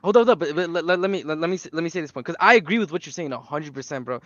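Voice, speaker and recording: Male stream host, casual, explains fast, slightly high voice. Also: lively intonation, fairly bright tone, no echo, muffled recording. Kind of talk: livestream discussion.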